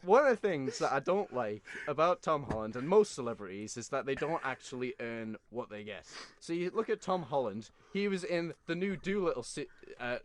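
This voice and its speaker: A man co-hosting a podcast in casual chat, ranting with animated energy and swearing freely. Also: mid-range voice, a little hiss or hum. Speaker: podcast co-host.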